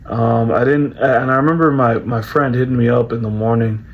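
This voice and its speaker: A man's voice: mid-range voice, fairly even intonation, normal speed, muffled recording. Rambling young man telling a story. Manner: rambling, repeats words, heavy fillers like "bro" and "like". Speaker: vlogger. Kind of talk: casual personal storytelling.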